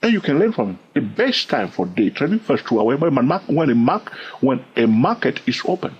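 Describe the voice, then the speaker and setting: A man's voice: medium pitch, sing-song, moderate pace, husky. A man with a non-native English accent teaching day trading in an informal talk, repeating himself and checking in with "all right?". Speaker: trading educator. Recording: dull lo-fi recording.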